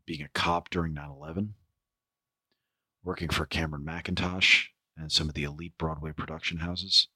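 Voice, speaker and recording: A man hosting a podcast, speaking with a hoarse, ragged voice in a rambling way, full of fillers and restarts. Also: very deep voice, pushed and bright, no room sound. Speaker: podcast host. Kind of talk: spoken podcast intro.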